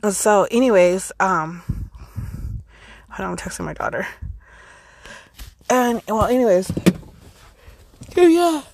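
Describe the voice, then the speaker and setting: A woman's voice: mid-range voice, a little slow, gravelly, pauses often, no room sound, poor audio. A tired woman in her thirties telling a personal story in a casual podcast monologue, rambling with lots of fillers and swearing. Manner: rambling and profane, heavy fillers. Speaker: podcast host.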